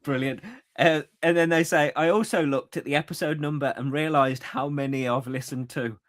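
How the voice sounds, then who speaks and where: Chatty man with a higher voice. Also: fairly even intonation, moderate pace. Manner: chatty, laughs easily, many fillers. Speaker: podcast co-host. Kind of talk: casual chat, reading listener comments.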